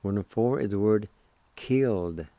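A man's voice: on the low side, normal speed, warm tone, no room sound. A man hosting a radio language lesson, spelling words letter by letter and repeating each syllable with care. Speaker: radio host teaching Cherokee words. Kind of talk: slow, careful language lesson.

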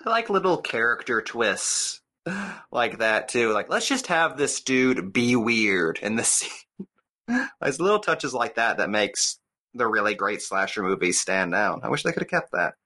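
A man's voice: medium pitch, very animated, a little slow, sharp tone. A man co-hosting a movie podcast, joking and swearing casually. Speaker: podcast co-host. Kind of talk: casual movie commentary chat.

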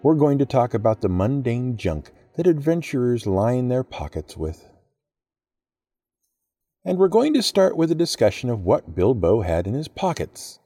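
A man hosting a podcast, reading a script with expressive, playful storytelling. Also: mid-range voice, normal speed, no room sound, faint music behind. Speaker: podcast host.

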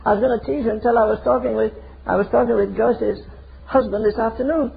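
A man's voice: very high-pitched, fairly even intonation, fast talker, creaky, slight background noise. An older man preaching a fiery, emphatic sermon full of rhetorical questions. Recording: tinny phone-like sermon recording.

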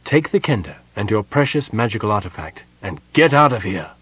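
A man's voice: on the low side, sing-song, a little fast, fairly bright tone, husky, no echo, heavily acted. A man voicing a dutiful young male knight who is firm and protective. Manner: earnest, respectful, urgent.

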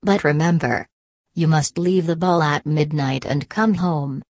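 A brisk, commanding fairy godmother, as a woman reader puts her on from a storybook. The voice sits low and the orders come quick and firm. Dry, close sound. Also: darkish tone, no room sound.

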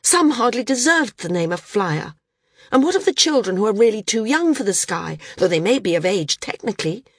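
Passionate, pleading flyer woman, husky edge, dry close sound, read by a woman. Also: mid-range voice, big pitch swings, fairly quick, no room sound. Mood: impassioned. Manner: impassioned, pleading. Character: woman, passionate seasoned flyer arguing her case.

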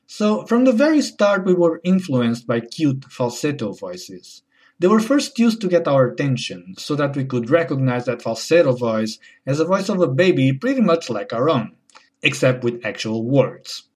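A man delivering a wry, deadpan comedy monologue as host. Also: mid-range voice, normal speed. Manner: deadpan, wry, switching into mocking voices.

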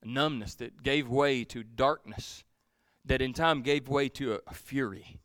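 A male pastor preaching a sermon, swinging from loud pleading to hushed, almost whispered lines. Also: mid-range voice, a little slow, dry recording, studio quality.

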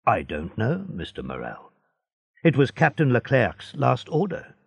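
A man voicing a polite, eager young seaman in a slow storybook reading. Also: mid-range voice, huge pitch swings, creaky, breathy edge, no echo, exaggerated voice. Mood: earnest.

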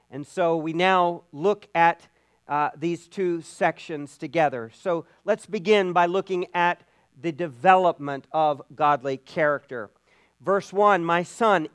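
High, smooth-voiced male preacher. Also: no echo. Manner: earnest, repeats words while building a point. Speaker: pastor. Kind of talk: sermon.

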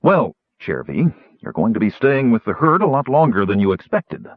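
A man voicing a calm, firm young knight. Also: mid-range voice, no room sound, phone-quality sound, voice pushed up. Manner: calm, measured.

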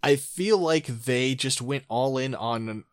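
A man's voice: mid-range voice, slow, no echo. A man co-hosting a podcast in casual chat, dry and sardonic, often reading entries aloud. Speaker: podcast co-host.

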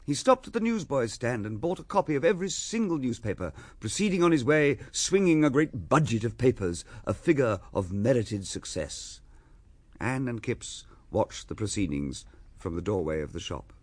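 A man narrating a radio drama as a measured storyteller. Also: mid-range voice, very animated, a little mellow, no echo. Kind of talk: scripted narration.

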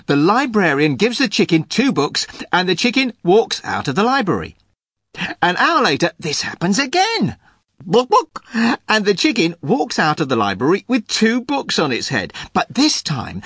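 A man's voice: sits high, a bit bright, no room sound. Man, joke telling, storytelling manner, dry close sound. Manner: storytelling, chuckling at his own jokes. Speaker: podcast producer.

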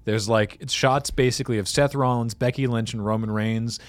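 Dry-voiced man recapping wrestling, animated. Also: mid-range voice, fairly quick, dry recording. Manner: animated storyteller acting out quotes. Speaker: podcast co-host. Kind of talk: casual chat recapping wrestling.

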